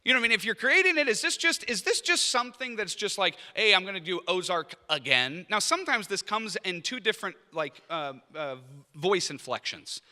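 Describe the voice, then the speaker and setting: A man's voice: high-pitched, big pitch swings, a little fast, few pauses, sharp tone. A man who leads a master's program, giving an informal, humorous talk at a lunch event and acting out the people he quotes. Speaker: professor leading a master's program. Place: indoor event room at a lunch. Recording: reverberant hall sound.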